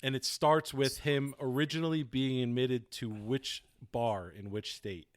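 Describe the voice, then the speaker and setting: A man hosting a podcast, asking a guest questions in a relaxed, halting way with lots of fillers. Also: mid-range voice, smooth, no room sound, studio quality. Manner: relaxed, hesitant, many fillers. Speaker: podcast host. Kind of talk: casual podcast chat.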